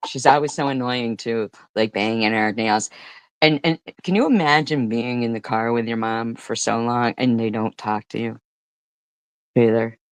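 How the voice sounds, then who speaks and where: A woman's voice: very deep voice, normal speed, clear, resonant tone, dry recording. A woman hosting a reaction commentary, voicing exasperated and disgusted remarks about a clip. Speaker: commentary host.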